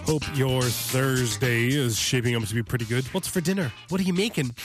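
A man's voice: medium pitch, brisk, hardly any pauses, music in the background. A man hosting a community radio show from the studio, chatting casually and joking about himself between songs before reading local news. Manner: chatty and self-deprecating, yawning between links. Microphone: studio microphone.

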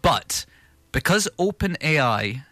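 A man's voice: fairly high pitch, big pitch swings, takes it slowly, bright, forceful tone, dry recording. A British man co-hosting a podcast, chatting casually about film news and often restarting his sentences. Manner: rambling, restarts with repeated words. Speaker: podcast co-host.

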